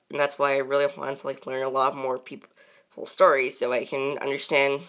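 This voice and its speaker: A woman's voice: a bass voice, a bit bright, clean tone. A woman chatting casually and unscripted as a channel host, rambling with many fillers and frequent laughs.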